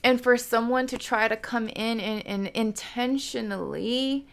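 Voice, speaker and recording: A woman's voice: a little high, unhurried, creaky. A woman giving a casual tarot reading to her viewers. She is chatty, laughs often, gets emotional and calls her viewers y'all. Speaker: tarot reader.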